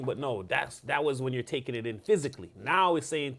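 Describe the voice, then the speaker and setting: A man leading a casual Bible study, explaining the text in a lively, conversational way and often checking in with his listeners. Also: medium pitch, fairly quick, vocal fry, few pauses. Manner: animated, conversational, asks "all right?" often. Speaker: church teacher.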